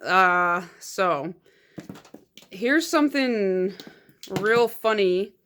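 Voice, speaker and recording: A woman's voice: medium pitch, lively intonation, extremely slow, a bit bright, slight background noise. A woman vlogger chatting casually as she sorts and swatches nail polish, poking fun at herself and laughing often. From United States. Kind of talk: casual chat.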